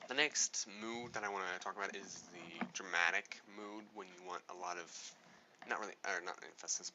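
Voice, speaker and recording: A man's voice: sits low, pushed and bright, lo-fi sound, slight background noise. A man giving a casual spoken tutorial on speaking, rambling and correcting himself as he goes. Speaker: speaking coach.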